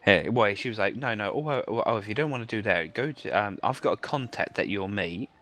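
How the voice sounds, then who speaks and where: While playing a game with friends, a man with a lowish, fairly bright voice tells a long, rambling anecdote packed with fillers. He speaks a little fast in casual chat over the gameplay.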